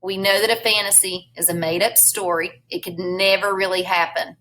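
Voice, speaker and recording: A woman's voice: medium pitch, steady tone, moderate pace, bright, forceful tone, rough recording. A woman teacher reading a storybook aloud in a recorded class lesson, patiently explaining words and prompting her students.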